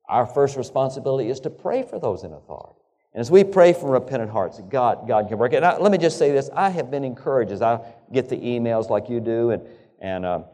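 In a hall full of echo, a pastor delivers a sermon in a warm, mellow voice. His speech is halting and he keeps backtracking over his words, while his pitch swings up and down sharply whenever he drives a point home. He poses rhetorical questions to his listeners.

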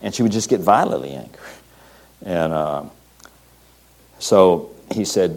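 Low-voiced man telling a sermon story. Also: expressive, gravelly, darkish tone. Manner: halting, many fillers and restarts, quoting scripture. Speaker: preacher.

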